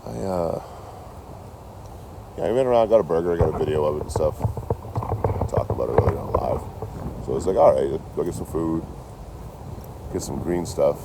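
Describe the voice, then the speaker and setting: A man's voice: a bass voice, moderate pace, long pauses, noisy background. A young man telling a rambling story outdoors near his camp, swearing and laughing often. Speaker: vlogger. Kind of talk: casual storytelling.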